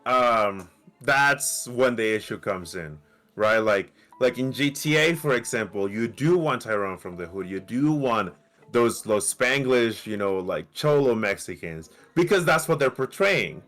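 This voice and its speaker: A man co-hosting a casual podcast debate, talking in an animated, emphatic way and swearing freely. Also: mid-range voice, unhurried. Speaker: podcast co-host.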